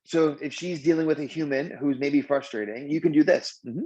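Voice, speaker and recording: A man's voice: a little high, fairly quick. A man working as a wellness coach. He leads a breathing practice and then talks in a loose, filler-heavy way, acting out the people in his stories. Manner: animated storyteller who acts out quotes. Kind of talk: guided breathing and coaching talk. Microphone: video call. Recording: dull lo-fi video call audio.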